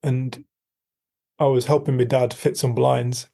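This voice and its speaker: A man's voice: medium pitch, little pitch movement, unhurried, gravelly, mellow. A middle-aged man, a coach, talking candidly in an interview, earnest and frank, repeating himself and swearing now and then. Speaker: coach and podcast guest. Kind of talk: candid storytelling conversation.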